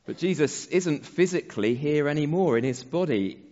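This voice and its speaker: A man preaching a sermon as pastor, slow and measured, letting his phrase endings fall soft. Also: a little high, animated. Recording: dull sound with long hall reverb.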